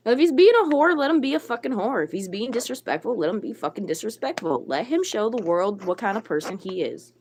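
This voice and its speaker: A woman's voice: fairly high pitch, big pitch swings, quick pace, hardly any pauses, a little mellow, slight background noise. A woman livestreamer ranting to her chat, blunt and irritated, swearing a lot and answering viewers by name. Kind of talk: live stream chat rant.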